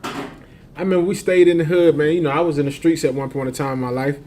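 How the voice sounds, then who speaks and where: A man's voice: a little high, quick pace, mellow, slight background noise. Laughing man telling a street story. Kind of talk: casual storytelling.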